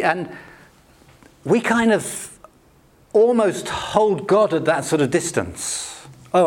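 British guy preaching, chatty and funny about himself, voice sits a bit high for a man. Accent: British English. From Britain. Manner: conversational, anecdotal preaching with self-deprecating humor. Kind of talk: sermon.

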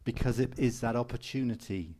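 A man's voice: mid-range voice, fairly quick, mellow. A man preaching a sermon in an earnest, encouraging way, repeating phrases for emphasis. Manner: mimics people for humor with raised voice.

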